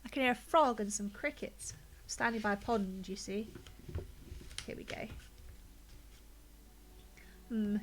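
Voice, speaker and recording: A woman's voice: mid-range voice, a little slow, long pauses, a bit bright, a little hiss or hum. A woman streaming a game, chatting casually and thinking aloud as she plays, a little out of breath and with a blocked nose. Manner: chatty, thinks aloud, narrates own choices. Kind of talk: casual gameplay commentary.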